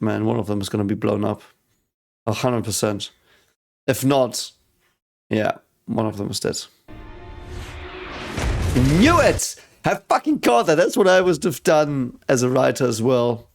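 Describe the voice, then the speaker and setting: A man hosting a reaction video, talking casually and excitedly, swearing often and thinking aloud. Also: on the low side, vocal fry.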